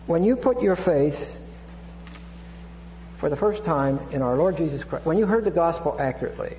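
A man with a fairly high, expressive, warm voice preaches at normal speed, leaving long pauses. He teaches an expository Bible sermon with frequent restarts, asides and Greek terms. The hall is echoey and has a hum.

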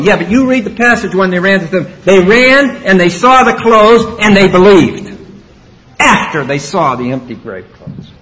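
A man preaching an expository sermon, emphatic and rising to loud exclamations. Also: sits high, lively intonation, moderate pace, poor audio.

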